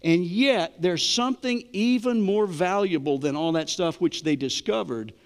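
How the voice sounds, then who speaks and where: Conversational middle-aged preacher in a reverberant hall. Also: male voice, high-pitched, moderate pace. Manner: conversational preaching, asks the congregation questions. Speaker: pastor. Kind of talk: sermon.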